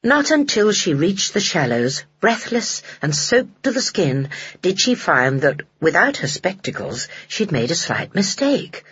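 Husky measured storybook reader. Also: medium pitch, big pitch swings, a bit bright, no room sound. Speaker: audiobook narrator. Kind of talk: scripted narration of a children's novel. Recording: dull lo-fi dry recording.

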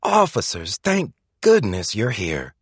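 A man's voice: on the low side, wildly swooping pitch, slow, slightly rough, dry recording, heavily acted. A man voicing a scheming older woman who gushes with false sweetness. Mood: falsely sweet.

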